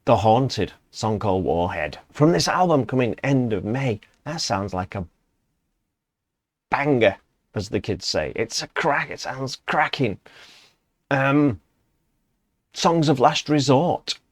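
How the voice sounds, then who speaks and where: A man's voice: mid-range voice, lively intonation, slow pace, long pauses, no room sound. A man casually reviewing a song he has just heard, enthusiastic and rambling, chuckling as he goes. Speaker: music reviewer. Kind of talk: casual reaction commentary.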